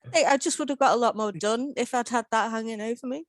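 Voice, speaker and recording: A woman's voice: on the high side, fast talker, no echo. A woman chatting on a casual podcast, giggly and self-deprecating. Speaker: podcast guest.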